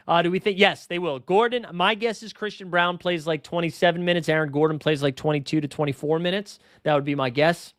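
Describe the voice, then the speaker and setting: A man's voice: fairly high pitch, smooth, dry recording, studio quality. A man hosting a fantasy basketball livestream, chatting casually and rattling off player names and numbers. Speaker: fantasy basketball show host.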